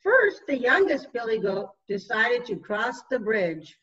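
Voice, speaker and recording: A woman narrating a children's storybook, reading slowly and expressively. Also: mid-range voice, lively intonation, a bit bright, far from the mic, highs cut off. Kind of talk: storybook read-aloud.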